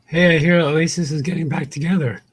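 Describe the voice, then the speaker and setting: A man's voice: on the high side, slight background noise. A man joining a casual panel chat as a guest, playful and jokey.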